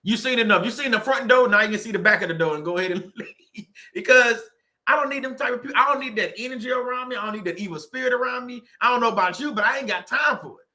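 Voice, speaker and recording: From a room in his home, this southern Louisiana channel host delivers a casual motivational talk in a very high, sharp voice at a fast pace. Jokes and frequent laughter punctuate his points.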